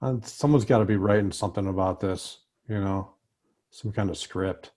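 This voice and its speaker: A man's voice: on the low side, normal speed, a little mellow. A man hosting a casual political chat, joking and loose, with mild swearing. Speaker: host.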